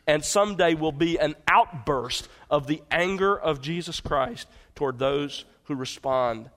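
A male pastor preaching an expository sermon in an earnest, emphatic way, swinging from forceful to hushed. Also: medium pitch.

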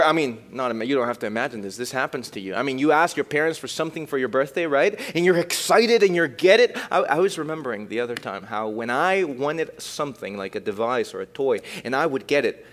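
A young man preaching a youth sermon, shifting between loud emphatic bursts and quiet, reflective passages. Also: mid-range voice, expressive, fairly quick. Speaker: youth pastor.

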